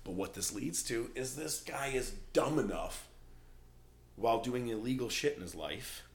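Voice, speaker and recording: A man hosts a podcast in casual conversation, recapping a TV show with plenty of swearing. He's animated and acts out quotes in character voices, speaking at a normal pace in a mid-range voice.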